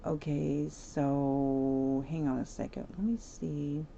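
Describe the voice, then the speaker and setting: A woman streaming a life-sim game, chatty and giggly, talking straight to her viewers, over steady background noise. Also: deep voice, slow, gravelly, dull audio. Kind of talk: casual gameplay commentary.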